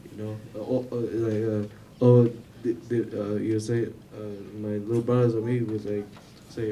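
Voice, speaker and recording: A man's voice: on the low side, little pitch movement, normal speed, few pauses, warm tone. A young man giving an informal eulogy for a family member, rambling with lots of fillers and laughing between stories. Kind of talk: informal memorial speech. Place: memorial gathering room. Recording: distant mic with clear background noise.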